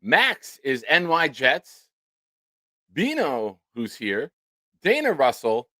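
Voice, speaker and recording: A man's voice: medium pitch, slow, no echo. A man hosting a casual sports livestream, thanking supporters by name and swearing freely. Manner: animated, swears casually, reads out supporter names. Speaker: sports talk show host.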